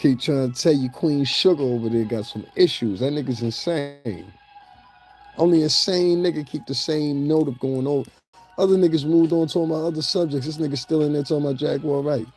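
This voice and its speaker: Man, mellow warm voice, profane gossip rant, mocking, faint music behind. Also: on the high side, fairly quick. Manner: mocking, laughs at his own jokes. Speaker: celebrity gossip commentator. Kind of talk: profane ranting commentary.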